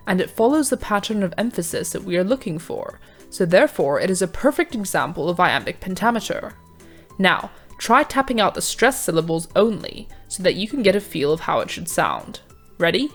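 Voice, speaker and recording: Calm woman narrating a revision lesson. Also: lowish voice, faint music behind. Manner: measured, clear teaching delivery. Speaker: revision tutor. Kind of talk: scripted educational narration.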